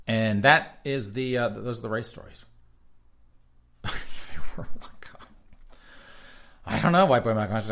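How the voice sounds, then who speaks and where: A talk show host with a fairly low, fry-tinged voice reads news articles aloud in a flat news cadence, then breaks off into sarcastic, mocking asides. It's casual commentary built around reading headlines.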